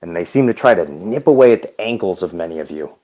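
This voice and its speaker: A man narrating a tabletop game as game master, unhurried and with frequent hesitations. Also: sits low, expressive, warm tone, muffled recording.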